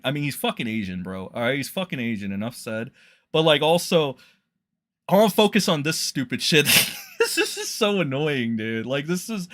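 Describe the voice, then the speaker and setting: Profane, mocking male streamer with a bright voice. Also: mid-range voice. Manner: profane, mocking, rising into loud rants. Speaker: streamer reading tweets. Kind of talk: casual ranting commentary.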